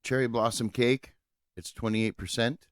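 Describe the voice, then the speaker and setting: A man's voice: mid-range voice, fairly even intonation, moderate pace, no room sound, studio quality. A young man co-hosting a podcast in casual chat, laid-back and swearing freely as he laughs along. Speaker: podcast co-host.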